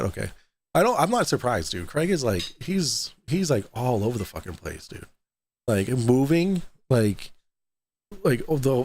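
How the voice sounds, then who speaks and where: A young man hosts a casual livestream in a loose, chatty way. He reads viewer donations aloud and swears offhandedly. His voice sits at an ordinary middle pitch. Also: darkish tone. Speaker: livestream host.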